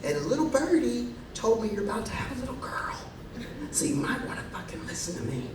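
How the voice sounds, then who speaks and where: A man's voice: high-pitched, sing-song, normal speed, heavy background noise. Man doing a sassy, doting rehab counselor lady. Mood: stern. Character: blunt motherly woman rehab counselor. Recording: echoey live hall, distant mic, crowd.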